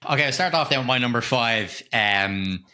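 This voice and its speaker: A man's voice: medium pitch, expressive, normal speed, sharp tone. A middle-aged man co-hosting a podcast, chatting about video games in a laid-back, jokey way with casual swearing. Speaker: podcast co-host.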